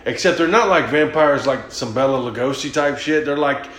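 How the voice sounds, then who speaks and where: A man's voice: medium pitch, a little fast, fairly bright tone, a little hiss or hum. Rambling, cursing man in an echoey room. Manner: profane, rambling storyteller who laughs often. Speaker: podcast host. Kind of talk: casual chat.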